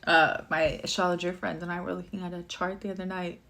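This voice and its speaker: Chatty low-voiced woman reading tarot. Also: level tone, fairly quick, vocal fry, heavy background noise. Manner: chatty, rambling with many fillers and asides. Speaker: astrology and tarot reader. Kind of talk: casual live tarot reading.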